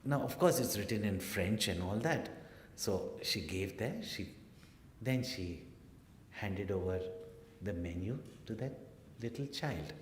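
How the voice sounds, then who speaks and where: A man's voice: on the low side, expressive, measured pace, long pauses. A man giving a spiritual lecture and telling stories in a conversational way, with frequent asides and tag questions. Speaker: spiritual teacher. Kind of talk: lecture with storytelling. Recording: echoey hall, faint background noise.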